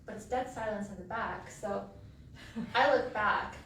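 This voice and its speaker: A woman's voice: mid-range voice, unhurried, fairly bright tone. A woman telling funny family stories as a eulogy for her sister, laughing through the memories in a funeral home chapel. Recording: echoey hall from far off, noisy.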